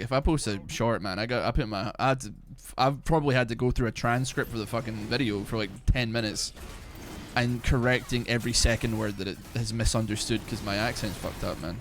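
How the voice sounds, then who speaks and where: A young man from Glasgow with a softened Scottish accent, chatting casually and profanely on a game stream, with lots of "like" and "man". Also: mid-range voice. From Glasgow, Scotland. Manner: rambling, profane, full of "like" and "man". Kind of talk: casual live-stream chat while gaming.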